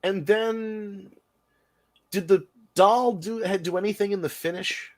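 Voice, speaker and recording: Animated, profane podcast host man. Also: high voice. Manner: animated, profane, quick asides and laughs. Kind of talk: casual chat.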